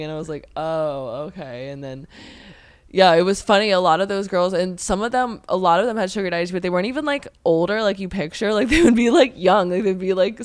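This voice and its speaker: A woman's voice: mid-range voice, no echo. A woman in her twenties from Pennsylvania, chatting as a podcast guest in a rambling way full of "like". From Pennsylvania, USA. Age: 20s. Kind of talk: casual podcast chat.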